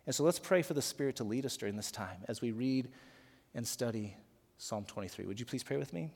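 A man's voice: mid-range voice, animated, a little fast, gravelly, a little mellow, long reverb tail. A man preaching a sermon as pastor, earnest and emphatic, leading prayer and guiding the congregation. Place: worship center.

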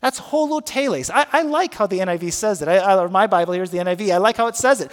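A male pastor preaching a sermon, moving from hushed, slow prayer to loud emphatic teaching, and leading his congregation in repeating words. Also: sits high, lively intonation. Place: church sanctuary. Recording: long reverb of a large hall.

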